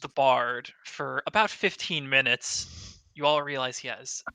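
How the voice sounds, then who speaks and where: A man narrating a tabletop game as game master, descriptive and quick to laugh, recorded over a video call. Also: medium pitch, vocal fry, pushed and bright, clean tone, no echo.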